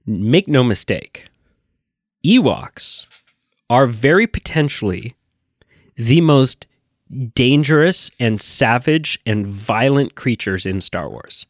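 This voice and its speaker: A man's voice: mid-range voice, sing-song, slow pace, pauses often, dry recording, studio quality. A man co-hosting a podcast, talking in an enthusiastic, rambling way with many restarts. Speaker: podcast co-host. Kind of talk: casual chat.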